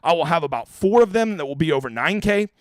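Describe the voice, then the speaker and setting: A brash man rattles through viewer questions at a quick clip on his livestream. His voice sits a little high, and the sound is dry and close, with almost no room around it. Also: expressive, no room sound. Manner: blunt, brash, answers chat questions rapid-fire. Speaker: fantasy golf streamer. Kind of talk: casual livestream Q&A.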